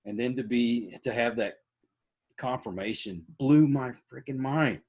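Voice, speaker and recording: A man's voice: mid-range voice, unhurried, darkish tone, husky, highs cut off. A man, a podcast host in casual interview chat, folksy and joking.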